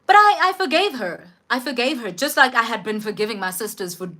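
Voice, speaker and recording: A woman's voice: on the high side, expressive, brisk, sharp tone. A young woman with a South African accent, chatting through a personal story on a live stream, slangy and greeting viewers as she goes. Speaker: vlogger telling a personal story.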